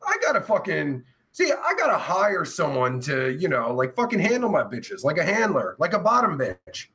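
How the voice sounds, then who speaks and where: A podcast host with a stuffy nose runs a crude show, swearing constantly and joking as he reads viewer comments. His voice is fairly high with huge pitch swings at a normal speed, and he is loud and profane, swinging between shouting and mumbling.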